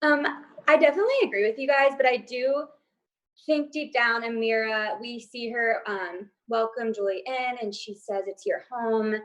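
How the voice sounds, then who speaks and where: A woman's voice: on the high side, fairly even intonation, moderate pace, fairly bright tone. A woman on a casual TV recap panel, talking thoughtfully and hedging with many ums. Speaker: co-host panelist.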